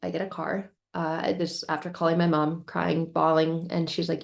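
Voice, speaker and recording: A woman's voice: lowish voice, fairly even intonation, moderate pace, vocal fry, few pauses, a little mellow. A woman vlogger telling a painful personal story candidly, in an emotional, rambling way with many restarts.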